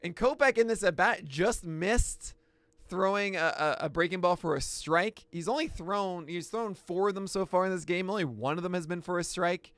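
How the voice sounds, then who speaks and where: A man hosting a pitching analysis, talking through each pitch with excitable outbursts. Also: moderate pace, no echo. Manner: excitable, bursts into shouts and laughs. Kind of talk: excited play-by-play pitch breakdown.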